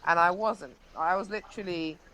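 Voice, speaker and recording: A woman's voice: on the low side, moderate pace, a bit bright, a little hiss or hum, low-quality recording. A young woman, a live-stream interview guest, animatedly recounting an incident with frequent restarts.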